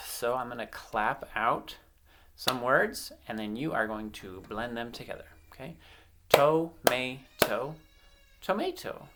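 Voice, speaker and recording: A woman teaches a phonics lesson to young children. Her voice sits very low with a gravelly edge. She moves at an unhurried pace and swoops up and down in a lively, sing-song way as she cheers the class on. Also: a little hiss or hum. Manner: sing-song encouraging drills, stretched words.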